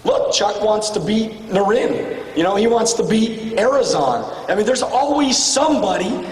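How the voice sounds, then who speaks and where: A man giving a blunt, profane motivational speech to a room of salespeople, swinging between shouting and low, intense tones. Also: expressive, a little slow. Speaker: motivational speaker at a sales retreat. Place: large hall with an audience. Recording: echoey hall from far off with faint ambience.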